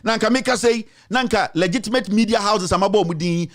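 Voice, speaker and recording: A man's voice: high voice, fairly quick. A man with a Ghanaian accent delivering a heated political rant, repeating his accusations with emphasis. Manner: mixes in another language. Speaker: commentator.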